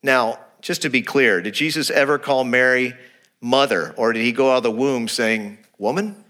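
A man's voice: mid-range voice, normal speed, bright, forceful tone. A man preaching a sermon, explaining scripture and acting out quoted lines with shifts of voice. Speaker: pastor.

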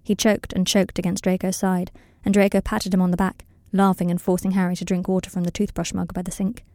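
A woman reading a story aloud in calm, even scripted narration, recorded close to the mic. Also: fairly low pitch, fairly quick, few pauses, no room sound. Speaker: audiobook reader.

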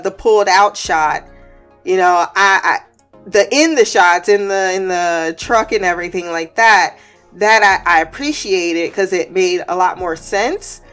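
A woman's voice: fairly low pitch, fairly bright tone. A woman giving a casual, wry review of a TV episode, with filler words, restarts and sarcastic asides. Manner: sarcastic asides and frequent laughs.

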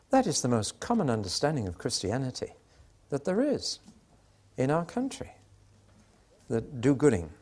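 A man's voice: mid-range voice, wildly swooping pitch, normal speed, long pauses, a little mellow. An older British man preaching a sermon, telling stories and acting out the voices in the exchanges he recounts. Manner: storytelling, acts out quoted exchanges.

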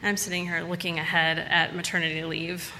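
A woman's voice: on the low side, level tone, a little fast, bright, forceful tone, in a large hall, a little hiss or hum. A woman telling a personal story to a live audience in a casual, chatty way, repeating words for emphasis.

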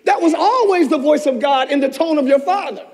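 A man pastor giving a passionate sermon, swinging between shouted peaks and hushed asides, recorded in a church. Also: very high-pitched, a little fast. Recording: long church reverb.

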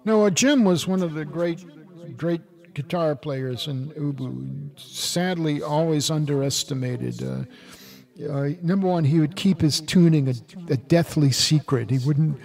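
An older man co-hosting a casual chat, rambling and halting with wry grumbles. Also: a little high, creaky, darkish tone. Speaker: musician and podcast co-host.

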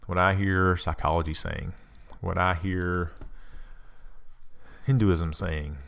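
Low gravelly-voiced man, earnest talk. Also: steady tone, slow, a bit bright. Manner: earnest, confessional, repeats phrases. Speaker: speaker giving a spiritual self-help talk. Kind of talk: personal storytelling talk.

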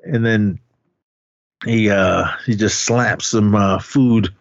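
A man's voice: lowish voice, slow pace, dry recording. Man recapping a movie with quoted voices. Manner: retells scenes, slipping into animated character quotes. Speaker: podcast co-host. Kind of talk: casual movie-recap chat. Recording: dry, slightly muffled podcast audio.

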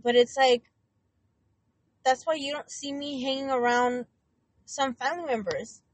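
A woman co-hosting a podcast in casual talk, animated, swearing and slipping Spanish into her English. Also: sits high, a little slow, no echo, poor audio. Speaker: podcast co-host.

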